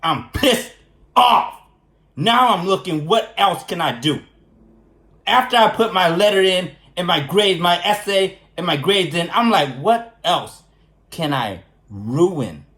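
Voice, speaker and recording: A man ranting to the camera in a casual vlog, indignant and worked up, hammering the same phrases again and again. His voice sits high and swings widely in pitch. The room around him rings with echo. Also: unhurried. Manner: animated and indignant, repeats phrases for emphasis. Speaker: vlogger. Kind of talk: casual storytelling rant.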